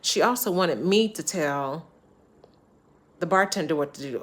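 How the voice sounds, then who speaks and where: Woman vlogger, casual storyteller, animated and chatty, lower-pitched, quick to laugh. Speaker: travel vlogger.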